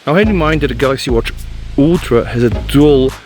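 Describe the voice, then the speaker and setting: Male tech reviewer, mid-pitch, slightly breathless, casual trail walk-and-talk outdoors. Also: a little fast, darkish tone, soft background music. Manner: chatty, addresses viewers as guys. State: out of breath from fast walking.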